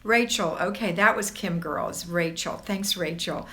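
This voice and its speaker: A woman's voice: lowish voice, unhurried, sharp tone. A woman hosting a casual livestream, bubbly and gushing as she greets viewers one by one. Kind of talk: casual live-stream chat. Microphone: phone or camera on a borrowed tripod.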